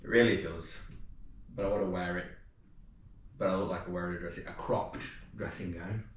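A man's voice: sits low, steady tone, a little fast. British guy, casual daily vlogger, wry and chatty, noisy street sound around him. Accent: British English. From Britain. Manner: chatty, self-mocking, breaks into sing-song bits. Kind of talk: casual vlog chat.

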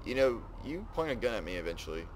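A man giving casual let's play commentary, excitably exclaiming and narrating what he does in the game. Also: on the low side, fast talker, noisy background. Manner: excitable, exclaims and narrates his own actions. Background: game music.

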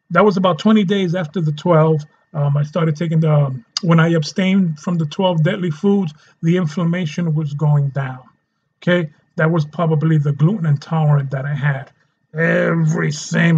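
A man with a New York accent giving an emphatic testimonial to camera from his attic room, addressing viewers as ladies and gentlemen. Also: high-pitched, dull audio. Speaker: supplement testimonial speaker.

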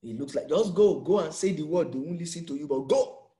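A man's voice: a little high, brisk, warm tone. A man with a Nigerian accent preaching an emphatic sermon as pastor, full of rhetorical questions.

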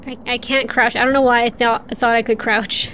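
High-voiced giggly woman streaming a game. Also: little pitch movement, fairly quick, fairly bright tone, slight background noise. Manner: chatty, giggly, talks to the game. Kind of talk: casual gameplay commentary.

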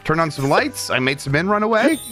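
A man co-hosting a game playthrough, joking in a deadpan way and laughing often. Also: fairly high pitch, brisk. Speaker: co-host of a game stream. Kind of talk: casual playthrough banter. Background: video game music.

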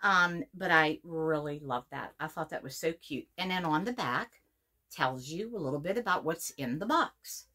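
A woman's voice: sits low, expressive, normal speed, pushed and bright. A middle-aged woman from Pennsylvania reviewing a subscription box in a casual unboxing video, gushing and repeating her words as she reads labels aloud.

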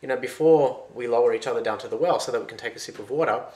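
A man's voice: mid-range voice, rapid-fire, a little mellow, close to an everyday voice. A man voicing a jealous, scheming young male rival in a folktale, with a coaxing, sly manner. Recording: roomy echo.

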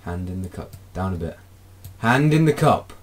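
A young British man giving playful Let's Play commentary, breaking into frustrated shouts. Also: low-pitched, expressive, moderate pace. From Britain. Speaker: gaming YouTuber.

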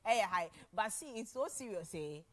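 A woman's voice: mid-range voice, expressive, moderate pace, fairly bright tone. A young woman with a Ghanaian accent hosting a TV talk show, chatting casually and animatedly, laughing often and switching languages. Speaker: TV show host. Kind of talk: casual chat mixing English and Twi.

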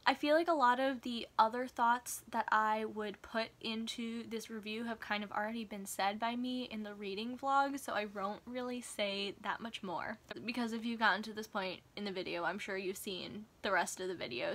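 A woman chatting excitedly as a book reviewer in a casual vlog, gushing over a book she loves. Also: medium pitch.

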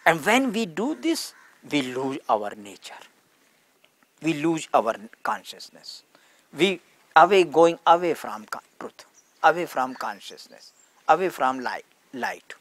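A man's voice: on the high side, very animated, slow, fairly bright tone, dry recording. Earnest man teaching in broken English. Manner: simple broken English, earnest, acts out stories. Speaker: spiritual teacher. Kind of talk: satsang talk with storytelling.

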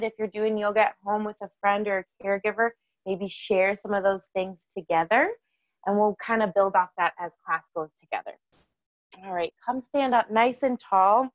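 A woman's voice: medium pitch, dry recording, lo-fi sound. A woman teaching a children's yoga class, cheerful and encouraging, with sing-song chants.

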